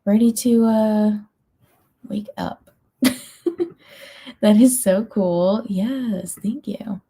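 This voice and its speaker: Sleepy lady chatting with her stream, mellow soft tone, lots of ums and likes, laughs a bit. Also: mid-range voice, very slow, husky. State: sleepy, yawning. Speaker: livestream host of reading sprints. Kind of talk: casual chat reading out viewer comments.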